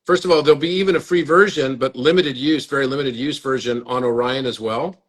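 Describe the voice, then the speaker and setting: A man's voice: medium pitch, a little fast. A man hosting a live stream chat, earnest and inviting, often repeating words as he talks. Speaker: host. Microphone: phone or webcam on a live stream.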